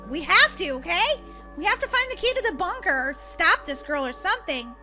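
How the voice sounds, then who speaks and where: A woman's voice: sits high, big pitch swings, brisk, over music. A woman role-playing in a game, talking dramatically, squealing and gasping, swinging from panic to jokes. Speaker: gamer playing as a character in a roleplay. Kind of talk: excitable game role-play chat.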